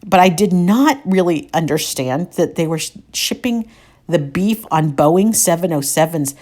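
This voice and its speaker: Low-voiced woman host with wry asides. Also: animated, a little slow, a little mellow. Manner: wry, chatty asides between read passages. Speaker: podcast host. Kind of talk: reading old news clippings with commentary.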